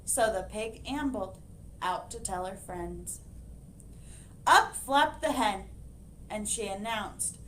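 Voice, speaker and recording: A woman librarian reading a picture book aloud to children, expressive and animated, pointing out the pictures. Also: medium pitch, slow, a little hiss or hum.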